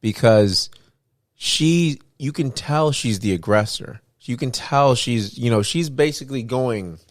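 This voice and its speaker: A man co-hosting a podcast, retelling events in a rambling, animated way with many restarts. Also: mid-range voice, a little slow, no echo, clean studio sound. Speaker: podcast co-host. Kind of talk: casual podcast chat.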